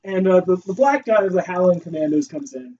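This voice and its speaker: A man co-hosting a movie podcast, talking fast and chatty as he recaps scenes. The recording is distant and dull, with a faint noise underneath. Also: high-pitched, animated. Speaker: podcast co-host. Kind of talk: casual movie discussion.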